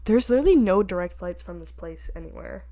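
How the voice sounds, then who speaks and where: Young woman, from Canada, podcast co-host, casual chat, chatty, quick laughs. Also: lowish voice, animated, mellow. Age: young adult.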